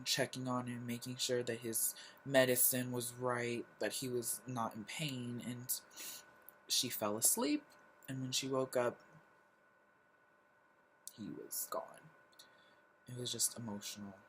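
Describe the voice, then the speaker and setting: A young adult vlogger talking in a personal confessional style, halting and sighing with lots of filler words. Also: medium pitch, a little hiss or hum, low-quality recording.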